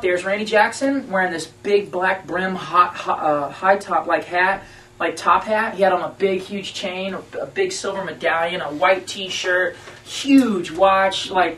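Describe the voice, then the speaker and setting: A man, a band member, telling a story to radio hosts in a lively, slangy storytelling manner. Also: high voice. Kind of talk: casual storytelling interview. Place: radio station conference room. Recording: roomy room, mic at a distance, faint noise.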